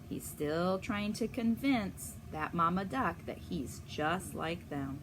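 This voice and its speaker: A woman reading a picture book aloud to children, gently asking the listener questions as she goes. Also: fairly low pitch, expressive, slow pace, few pauses, slight background noise. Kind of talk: storybook read-aloud.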